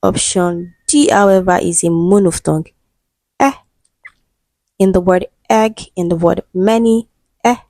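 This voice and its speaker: A woman's voice: lowish voice, steady tone, normal speed, mellow, dry recording. A woman, an English exam tutor, working through answers step by step and often checking in with "right?". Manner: methodical, checks in with "right?" and "okay".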